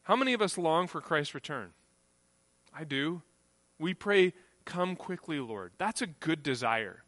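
A man preaching in a lively, conversational way, with a bright, forceful tone. He is recorded close and dry, with no room echo. He acts out the people he quotes. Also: a little high, a little slow. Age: adult, grew up on a farm family. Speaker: pastor. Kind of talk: sermon.

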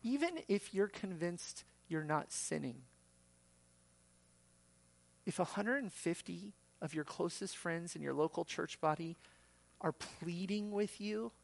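Slow gravelly male preacher. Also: fairly high pitch, animated. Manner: acts out quoted voices, rising sharply for emphasis. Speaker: pastor. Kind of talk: sermon.

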